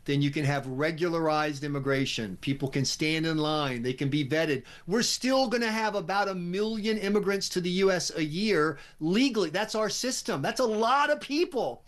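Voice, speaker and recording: An American man appearing as a guest commentator on talk radio, speaking in a brisk, wry, opinionated way. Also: on the high side, expressive, fairly bright tone. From United States.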